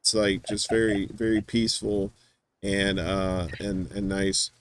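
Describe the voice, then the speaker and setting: A man's voice: fairly low pitch, level tone, measured pace. A man hosting a show, chatting casually in a rambling, teasing way with lots of fillers and restarts. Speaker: podcast host. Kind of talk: casual chat.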